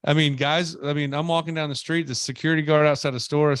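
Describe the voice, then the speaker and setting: Animated man telling travel stories. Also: a little high, quick pace, few pauses, no room sound. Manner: animated storyteller, acts out quoted people. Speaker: podcast co-host. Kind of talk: casual chat.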